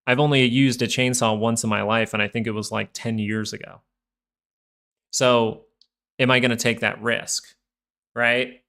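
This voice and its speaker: Gravelly young man rambling over charts. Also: medium pitch, sharp tone. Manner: rambling, filler-heavy, goofy asides. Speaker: stock market streamer. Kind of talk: casual live chart commentary.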